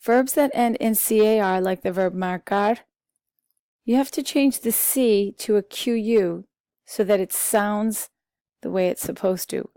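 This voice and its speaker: A woman teaching a Spanish grammar lesson, slowly and patiently reading out vocabulary with translations and a few fillers. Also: medium pitch, dark tone, no echo, studio quality. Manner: slow, patient, talks through vocabulary lists with fillers. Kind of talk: recorded classroom lesson.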